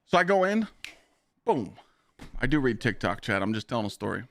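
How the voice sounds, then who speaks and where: A young man streaming games, telling stories to his chat in a blunt, profane, animated way. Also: medium pitch, fairly quick. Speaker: game streamer. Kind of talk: casual live-stream storytelling.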